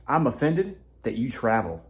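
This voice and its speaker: A man's voice: mid-range voice, sing-song, moderate pace, voice pushed down, close to an everyday voice. A man voicing an easily offended, indignant young man who complains in a whiny, huffy way.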